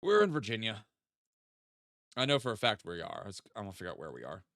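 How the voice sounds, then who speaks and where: A young man keeps up casual stream chat over a geography guessing game, thinking aloud with jokey asides. He speaks fast in a lowish, fairly bright voice with huge pitch swings. The audio is clean studio sound without echo.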